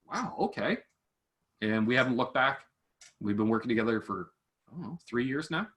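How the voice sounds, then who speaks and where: Bright-voiced man in lively chat. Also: mid-range voice, brisk. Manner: animated, acts out quoted voices. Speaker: guitar gear demo creator. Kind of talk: casual chat between online creators.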